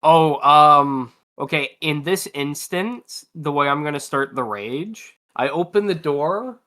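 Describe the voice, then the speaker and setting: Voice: medium pitch, slow pace, bright, forceful tone. A player in a tabletop game who talks hesitantly, with many fillers.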